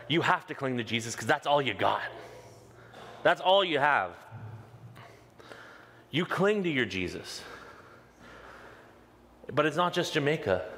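A male pastor preaching a sermon with passion, leaning on slow, emphatic repeated lines. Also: on the high side, pushed and bright, a little hiss or hum. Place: church sanctuary. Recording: long reverb of a large hall.

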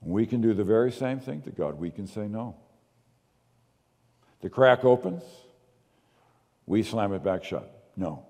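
A man preaching a sermon as pastor, moving between quiet asides and emphatic, slowed readings of scripture. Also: lowish voice, lively intonation, big-room sound.

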